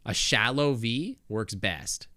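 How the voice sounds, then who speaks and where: A man's voice: medium pitch, expressive, slow pace, pushed and bright, dry recording. A male game streamer chatting casually with his viewers on a close desk microphone, thinking aloud with lots of restarts and asides.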